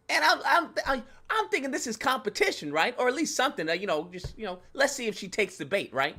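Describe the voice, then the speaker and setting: A man hosting his channel, telling a profane, animated story in a casual rant, laughing and acting out his own reactions. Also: very high-pitched, fast, hardly any pauses. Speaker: channel host.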